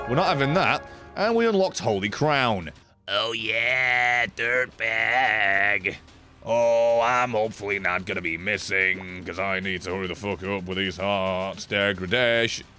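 A young man commentating his own gameplay on a live stream, profane and animated, grumbling then yelling at the game. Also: medium pitch. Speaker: gaming streamer. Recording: game music behind voice.

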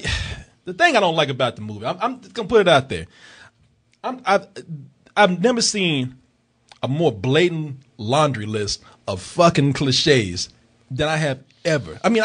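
A man casually reviewing a film with animated, profane banter, often laughing and acting out characters. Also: high-pitched, slightly rough. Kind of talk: casual comedic movie review chat.

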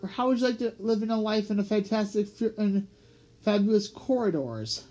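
A storybook reader voicing Tucker, a nervous, excitable little city mouse who talks in a squeaky, whimpering way. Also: a little fast, natural voice. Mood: restless.

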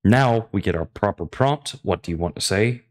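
Brief: young man, low voice, casual enthusiastic coding screencast host. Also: expressive, normal speed, darkish tone. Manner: enthusiastic, chatty, thinks aloud while typing.

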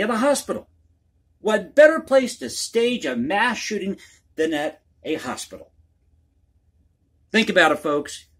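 A man's voice: high-pitched, slightly rough. A man hosting a one-take commentary vlog, talking in a rambling, folksy, conspiratorial way and calling his viewers folks. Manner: conspiratorial, opinionated. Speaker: political commentary YouTuber.

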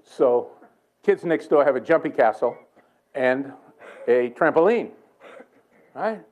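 An older man with a Boston accent, preaching a sermon in a church in a joking, conversational way with quick asides. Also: medium pitch, expressive, lo-fi sound. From Boston area. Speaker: guest preacher. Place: church sanctuary.

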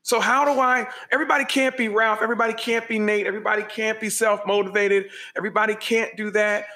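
A man hosts a podcast interview in a high, bright voice. He encourages his guest, backs him up often, and repeats phrases to stress them. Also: flat delivery, quick pace. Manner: encouraging, repeats himself for emphasis. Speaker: podcast host.

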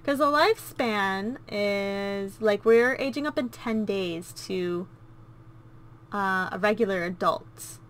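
Bright, gushing woman gamer. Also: mid-range voice, slow pace. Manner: gushing and cooing, easily delighted. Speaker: let's play host. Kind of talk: casual gameplay commentary.

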